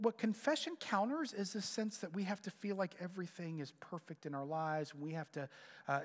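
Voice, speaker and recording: A middle-aged man preaching a sermon, telling stories with animated swings and dropping to a near whisper on key points. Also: fairly high pitch, big-room sound. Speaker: pastor.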